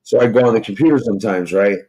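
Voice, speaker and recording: A fairly low-voiced man spinning a loose, meandering story, swearing freely and leaning on fillers as he goes. He talks like a streamer chatting with his viewers. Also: fast talker, a little mellow, poor audio. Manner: rambling, profane, heavy with fillers. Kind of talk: casual storytelling.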